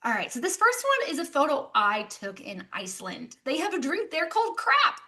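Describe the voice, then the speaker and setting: A young American woman giving an animated business presentation, mixing practical points with playful travel stories. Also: high voice, moderate pace. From United States. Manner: lively, animated storytelling with playful asides. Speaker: speaker at a business session. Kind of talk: presentation talk.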